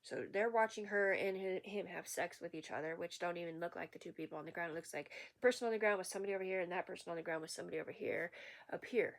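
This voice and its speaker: A woman ranting in an unscripted vlog, rambling, profane and agitated. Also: on the low side. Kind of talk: unscripted rant to camera.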